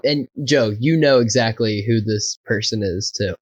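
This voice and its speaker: A man's voice: fairly low pitch, moderate pace, no room sound, muffled recording. A man casually telling a wild anecdote, swearing often and laughing as he goes. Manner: profane, laughing, animated anecdote. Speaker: podcast co-host. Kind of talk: casual storytelling.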